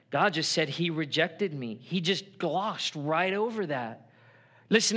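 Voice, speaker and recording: A man's voice: fairly high pitch, sharp tone. A middle-aged man preaching a sermon in church, earnest and conversational, acting out quotes as he goes. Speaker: pastor.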